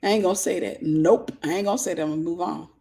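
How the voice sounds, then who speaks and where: A woman's voice: fairly low pitch, very fast. A woman hosting a casual advice talk for viewers, telling stories and acting out the voices of the people in them. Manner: animated storytelling, acting out quoted voices. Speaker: host.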